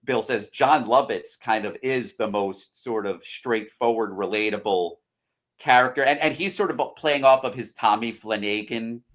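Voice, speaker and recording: A man's voice: fairly low pitch, moderate pace, a bit bright. An American man in a casual film-discussion chat, giving long, rambling explanations. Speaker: podcast co-host or guest.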